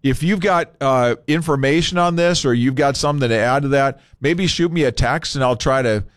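Man hosting talk radio, smooth and dry. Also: mid-range voice, no room sound. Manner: conversational and unscripted, pausing with fillers. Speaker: radio talk show host. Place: radio studio. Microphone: studio microphone.

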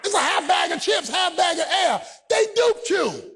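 A male pastor delivering a fervent sermon, shouting and half-singing his lines in a husky voice. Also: very high-pitched, big pitch swings, moderate pace, soft background music, some chatter behind. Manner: shouting, preaching with sung cadence.

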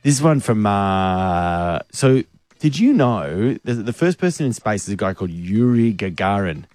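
A man's voice: on the low side, lively intonation, moderate pace, a little mellow, no room sound. A man co-hosting a radio show, telling stories in playful, laughing banter.

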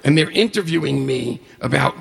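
Gravelly, husky man telling a story. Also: mid-range voice, moderate pace. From New York State. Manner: lively storyteller, acts out dialogue with humor. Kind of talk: personal storytelling talk. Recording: hall reverb.

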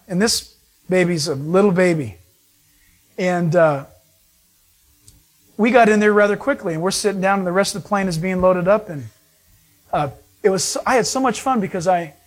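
High, animated preaching man. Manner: animated storytelling, acts out voices of people he met. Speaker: pastor. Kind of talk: sermon.

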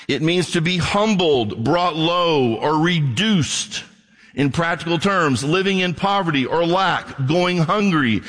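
A man's voice: high voice, a bit bright, long reverb tail. A man preaching a sermon in a casual, conversational way, acting out little bits of dialogue between himself and his listeners. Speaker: pastor.

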